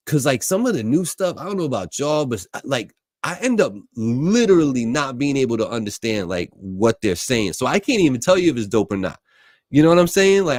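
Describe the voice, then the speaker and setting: A man's voice: medium pitch, no room sound, studio quality. A man hosting a radio show, chatting casually and introducing songs in a laid-back way. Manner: laid-back, chatty, peppered with "you know what I'm saying".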